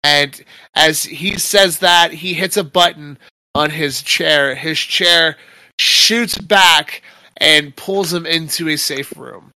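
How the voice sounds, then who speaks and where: Slow, forceful man running a game. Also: fairly high pitch, dry recording. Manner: rambling, describes scenes with fillers. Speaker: game master. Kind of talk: narrating a tabletop game.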